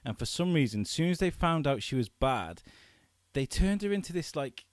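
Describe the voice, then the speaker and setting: Male podcast guest, lively swooping delivery, dry close mic, acts out bits. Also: fairly high pitch, normal speed, no room sound. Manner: animated storyteller who acts out quotes, swears freely. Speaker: filmmaker guest. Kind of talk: casual podcast chat.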